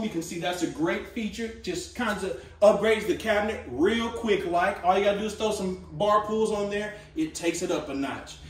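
Recorded from a distance in an echoey room, a man with a high voice tours viewers, whom he calls guys, through a small furnished tiny home. He hosts for a tiny home company, keeping the sales walkthrough casual and his patter upbeat and salesy.

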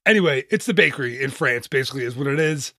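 A man's voice: medium pitch, expressive, fast, bright, forceful tone, dry recording, clean studio sound. A man hosting a podcast, talking casually in a chatty, upbeat, self-deprecating way. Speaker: podcast host. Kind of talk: casual solo podcast talk.

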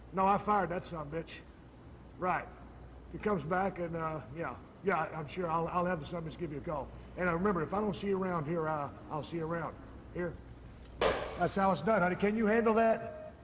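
A man playing a gruff boss in a comedy skit, brash, bossy and cursing. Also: high-pitched, a little hiss or hum.

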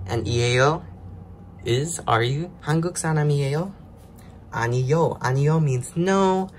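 Man, mid-pitch, casual lesson host, explains step by step, faint noise behind. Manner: explains step by step, loose and chatty. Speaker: language learner host. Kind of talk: casual self-study lesson.

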